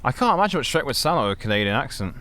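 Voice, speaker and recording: A man's voice: medium pitch, very animated, bright, forceful tone. A man from the English Midlands co-hosting a podcast, joking and cutting in often in casual chat. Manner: jokey, quick to interject. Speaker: podcast co-host.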